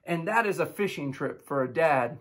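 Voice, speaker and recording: Man in his thirties, pastor, chatty upbeat sermon delivery, voice sitting a little high. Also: normal speed. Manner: storytelling with animated impressions of his kids; upbeat, conversational preaching. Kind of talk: devotional sermon.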